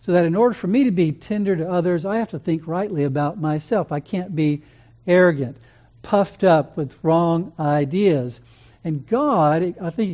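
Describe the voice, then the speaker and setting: A preacher giving a sermon in an earnest, gentle and measured way, pausing and restarting phrases. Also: mid-range voice. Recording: dull lo-fi recording.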